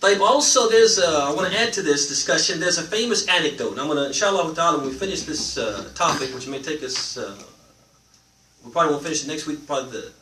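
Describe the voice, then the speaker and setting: A man with a bright, fairly high voice teaches a live religious class in an animated way, throwing questions back at his listeners. His pitch rises and falls a lot. The recording is roomy and picked up from some distance, with faint noise behind. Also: fast talker. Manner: animated, asks the audience questions and lets them answer. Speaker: Islamic teacher.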